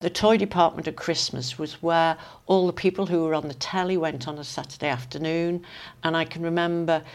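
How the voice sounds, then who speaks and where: An older woman with a Manx accent, chatting as an interview guest and telling lively anecdotes from her past. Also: low-pitched, a little fast. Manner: chatty storyteller, lively asides. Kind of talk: casual reminiscing anecdotes.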